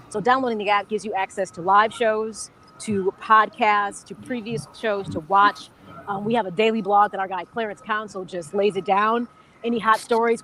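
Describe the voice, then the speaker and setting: This co-host has a mid-range, fairly bright voice, with slight background noise behind her. On location at a golf country club for live sports radio, she chats away, often dropping "you know what I'm saying."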